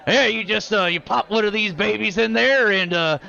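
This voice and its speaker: A man's voice: high-pitched, moderate pace, vocal fry, pushed and bright, lo-fi sound, pitched above the performer's own voice, heavily acted. A man voicing a proud older male gunsmith and ex-adventurer who shows off his own invention and calls people son. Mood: boastful.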